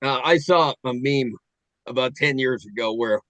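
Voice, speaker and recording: A man's voice: medium pitch, a bit bright, no echo, rough recording. Musing middle-aged man, dry close sound. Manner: musing, halting, with many fillers and restarts. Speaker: podcast host. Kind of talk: casual chat.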